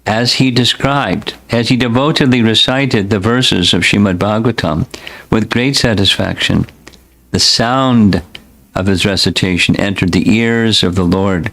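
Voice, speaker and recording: A man who is a spiritual teacher, reading scripture aloud in a slow, deliberate, devotional way. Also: on the low side, a bit bright, rough recording.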